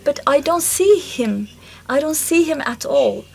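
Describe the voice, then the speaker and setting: Slow high-voiced woman recounting a memory. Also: animated, gravelly, a little mellow, slight background noise. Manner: slow, halting storytelling with pauses. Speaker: symposium speaker. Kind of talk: first-person spiritual recollection. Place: concert hall.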